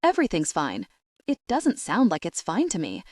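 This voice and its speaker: A woman narrating a comic novel in the first person, expressive and animated. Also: medium pitch, normal speed, husky, dry recording, studio quality. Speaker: audiobook narrator.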